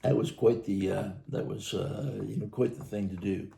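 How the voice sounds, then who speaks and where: A man's voice: lowish voice, fairly even intonation, normal speed, gravelly, dark tone, slight background noise. A man, co-hosting a podcast and telling firehouse stories in a rambling, chuckling way. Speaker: podcast co-host, firefighter telling station stories. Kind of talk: casual storytelling chat.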